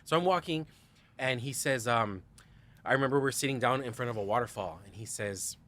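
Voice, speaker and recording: A man speaking as a podcast guest, with a pitch that is neither high nor low for a man. He tells his story in a lively, animated way, full of "like" and self-corrections. A faint noise sits behind him. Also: fairly quick. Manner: animated, acts out quoted dialogue with big shifts; frequent "like" and restarts. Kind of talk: personal storytelling.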